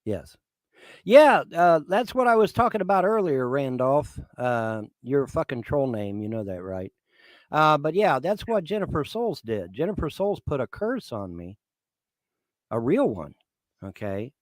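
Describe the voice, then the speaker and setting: A man's voice: mid-range voice, sing-song, unhurried, no room sound. 50s guy ranting on stream, cussing and threatening nonstop, voice jumps all over, dead dry mic. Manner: profane, threatening, repetitive. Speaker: livestreamer. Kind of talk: angry livestream rant.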